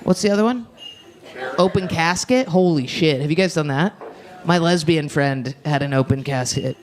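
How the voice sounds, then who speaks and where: A woman performing a brash, fast stand-up set, talking with the crowd on a club stage. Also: low voice. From United States. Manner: brash, rapid, often shouting and laughing. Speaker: stand-up comedian. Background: audience laughter.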